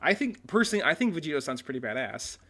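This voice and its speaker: A man's voice: fairly high pitch, sing-song, quick pace, fairly bright tone. A man hosting a casual reaction video who rants, swears often and restarts his sentences a lot. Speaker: video host.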